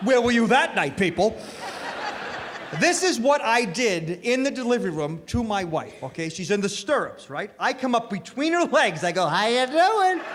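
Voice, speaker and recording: A middle-aged man doing a stand-up comedy set, telling stories in an animated way and shouting his punchlines. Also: high-pitched, moderate pace. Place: comedy club stage before a live audience. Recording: live club recording, echoey hall with crowd noise.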